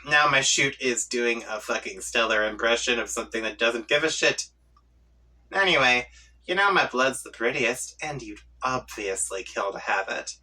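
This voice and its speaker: A woman's voice: very deep voice, lively intonation, moderate pace, pushed and bright, slightly rough, recorded from a distance, full character voice. A man reading a comic aloud, voicing a haughty, scheming young female troll who talks with smug taunts. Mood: taunting.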